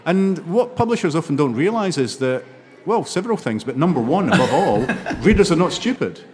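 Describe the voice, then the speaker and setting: An older man from Scotland with a Scottish accent, a novelist guest telling stories in an animated way, laughing often. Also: on the high side, a little fast, big-room sound, faint music behind. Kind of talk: interview conversation.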